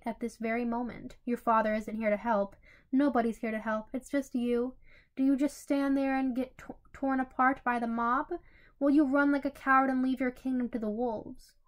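A blunt young swordsman with a cold, mocking edge, handing out hard lessons in a fanfiction audiobook, voiced by a woman reading the story. He sounds fairly high and firm, never raising his voice for long. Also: steady tone, moderate pace, lightly acted. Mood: stern. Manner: stern, lecturing, mocking.

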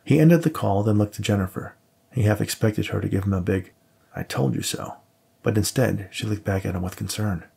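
A man, host and author, narrating an audiobook in a measured, steady way. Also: fairly low pitch, vocal fry, husky.

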